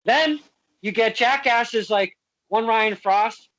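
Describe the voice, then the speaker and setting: A man's voice: sits high, slow pace, a bit bright, no room sound, low-quality recording. A man hosting a casual podcast, joking and teasing his guests with lots of fillers.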